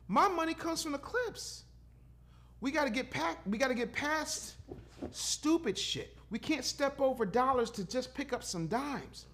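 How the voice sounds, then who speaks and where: Man, 50s, podcast guest; emphatic and preachy, high-pitched, cusses freely. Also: lively intonation, normal speed, a bit bright. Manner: emphatic, preachy, swears freely, acts out quotes. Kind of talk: casual podcast talk.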